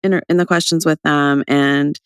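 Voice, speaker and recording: A young woman co-hosting a casual podcast chat, bubbly and chatty, her voice still rough with vocal fry from a recent cold. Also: sits low, fairly even intonation, moderate pace, dry recording, clean studio sound. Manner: bubbly, chatty, laughing often. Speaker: podcast co-host.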